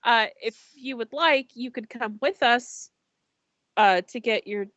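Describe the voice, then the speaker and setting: A woman's voice: fairly high pitch, unhurried, fairly bright tone, no room sound, lo-fi sound, pitched above the performer's own voice. A woman voicing a laid-back young male ship attendant who talks in a casual, slangy and slightly flustered way. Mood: polite.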